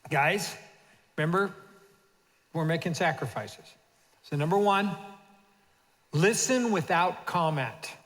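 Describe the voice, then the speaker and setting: An older man preaches a sermon in a church hall with a long reverb tail. His voice sits a little high, and he keeps calling on the congregation to repeat after him. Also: expressive, slow pace, pauses often, fairly bright tone. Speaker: pastor. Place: church sanctuary.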